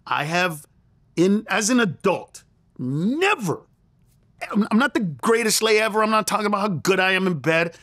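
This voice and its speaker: A man's voice: high-pitched, expressive, moderate pace, a bit bright, no echo, clean studio sound. A middle-aged man, a comedian and interview guest, telling a story with lots of energy and acting out quoted lines in a raised voice. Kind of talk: animated storytelling.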